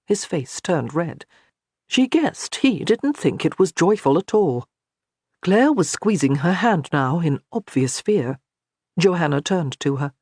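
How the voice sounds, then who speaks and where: Lively, dry-sounding audiobook narrator. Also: medium pitch, a little slow, breathy edge, no room sound. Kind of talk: scripted narration.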